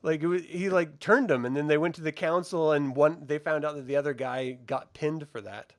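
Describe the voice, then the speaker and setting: A man's voice: on the high side, steady tone, a little fast. A man hosting a casual TV review chat, laughing often and swearing freely. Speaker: show host.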